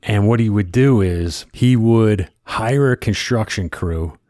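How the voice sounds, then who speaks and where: A man, co-hosting a casual chat and telling stories with animated, acted-out quotes. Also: fairly low pitch, slow pace, dry recording, studio quality. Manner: animated storyteller who acts out quotes loudly.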